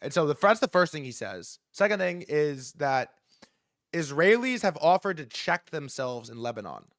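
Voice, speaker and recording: A young man in his twenties hosting a live stream, talking in a profane, excitable, rambling way. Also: a little high, moderate pace, dry recording, studio quality. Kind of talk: casual live commentary.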